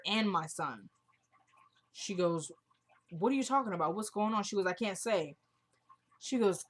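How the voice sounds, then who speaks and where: A woman's voice: mid-range voice, a bit bright. A woman vlogger recapping a TV drama episode in a casual, chatty way, retelling each scene line by line with "she goes" and informal slang.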